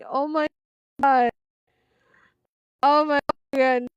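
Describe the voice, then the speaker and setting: A woman's voice: a little high, unhurried, clean tone, no echo, low-quality recording. A woman hosting a live stream, reading online posts aloud and commenting on them between frequent fits of laughter. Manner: giggly, breaks into frequent laughter.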